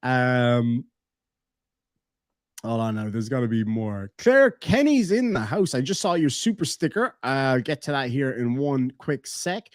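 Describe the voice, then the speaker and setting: A man's voice: mid-range voice, lively intonation, a little slow, no echo, studio quality. A young Irish man streaming and chatting casually, reading out comments from live chat and swearing freely along the way.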